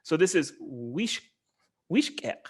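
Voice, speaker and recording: Slightly higher-voiced than most men, this linguistics professor delivers an animated online lecture. He works through the material step by step, frequently pausing with ums and starting sentences over.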